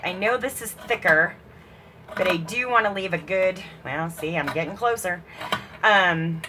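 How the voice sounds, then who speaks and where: A woman's voice: medium pitch, pushed and bright, slight background noise. A woman hosting a crafting video, chatting casually and laughing at herself as she works, with a put-on British accent. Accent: mock British put-on. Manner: chatty, self-deprecating, laughs often, talks to viewers as she works. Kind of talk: casual crafting chat while working.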